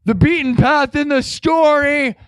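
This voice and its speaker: A man hosting a live music stream, chatting in a rambling, excitable way and breaking into shouts. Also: very high-pitched, a little slow, dry recording. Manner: excitable, bursts into shouts, heavy use of "like".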